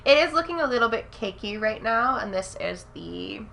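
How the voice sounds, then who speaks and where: A young woman reviewing makeup on camera in a casual, gushing way, often gasping in excitement. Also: a little high, normal speed, vocal fry, slight background noise. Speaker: beauty vlogger.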